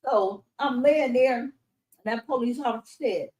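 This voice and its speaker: Animated, profane middle-aged woman storyteller. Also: on the high side, normal speed, poor audio. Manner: animated, profane, acts out the voices of the people in her story. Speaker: interview guest. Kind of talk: casual storytelling interview.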